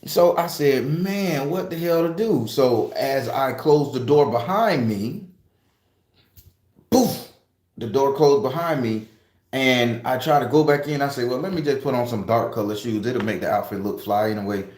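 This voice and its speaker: A man's voice: mid-range voice, moderate pace. A man casually retelling a dream, rambling and swearing freely as he acts out what happened. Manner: profane, rambling, animated retelling. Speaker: tarot reader sharing a dream. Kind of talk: casual storytelling. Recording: echoey room.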